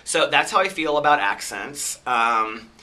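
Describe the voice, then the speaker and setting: A man from the US Midwest with a soft, effeminate, twangy Midwestern American voice, talking in a candid, reflective personal vlog monologue. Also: medium pitch, lively intonation, measured pace. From Chicago, US Midwest. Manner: reflective and candid, chatty storytelling. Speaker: vlogger.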